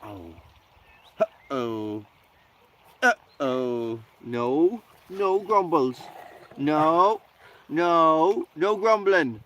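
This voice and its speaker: A man's voice: extremely slow, long pauses, highs cut off, a little hiss or hum. A man hosting a casual live stream outdoors by a campfire, rambling to viewers and talking to his dog. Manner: rambling, talks to his dog in a high excited voice. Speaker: channel host.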